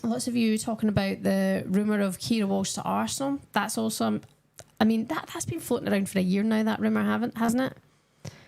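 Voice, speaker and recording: A woman's voice: mid-range voice, steady tone, fairly quick, vocal fry, a little mellow. A young woman chatting casually with her viewers on a live stream while she watches a football match and answers their comments.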